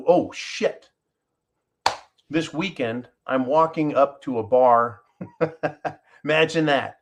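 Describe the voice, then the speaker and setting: A man hosting a live stream, talking passionately and emphatically to his viewers, swearing freely and calling them folks. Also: mid-range voice. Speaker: live show host.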